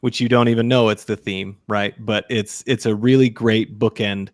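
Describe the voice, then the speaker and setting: A man's voice: fairly low pitch, steady tone, no room sound. Dry-sounding man on a movie podcast. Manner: enthusiastic, quick agreeing interjections. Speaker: podcast co-host. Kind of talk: casual film discussion.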